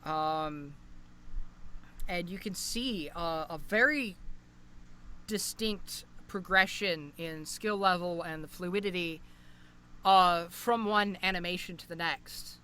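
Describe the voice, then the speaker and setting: A man's voice: high-pitched, slow pace, sharp tone, smooth. A young man co-hosting a podcast over a call, rambling casually with lots of fillers and restarts. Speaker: podcast co-host. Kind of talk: casual chat.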